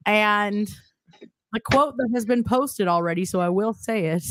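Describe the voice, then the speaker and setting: A woman's voice: medium pitch, a little slow, slight background noise. A woman co-hosting a podcast in casual chat, blunt and playfully profane. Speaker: podcast co-host.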